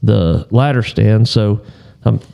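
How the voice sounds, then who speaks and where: A man on a podcast telling a hunting story in a relaxed, rambling way, often clearing his throat. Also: lowish voice, slow pace. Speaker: podcast co-host.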